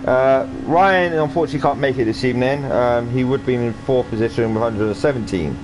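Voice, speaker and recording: A man's voice: mid-range voice, fairly quick. A man casually commentating a sim racing stream, rambling and chatty with lots of fillers and restarts. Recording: noisy home stream audio.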